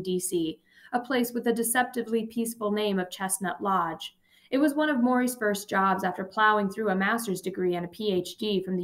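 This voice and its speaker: Woman reading a memoir aloud. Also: mid-range voice. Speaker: audiobook reader. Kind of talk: amateur audiobook reading.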